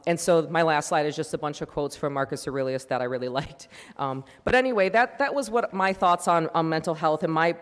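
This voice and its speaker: A presenter giving an informal campus talk, speaking in a chatty, conversational way with many fillers. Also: medium pitch. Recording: long reverb of a large room.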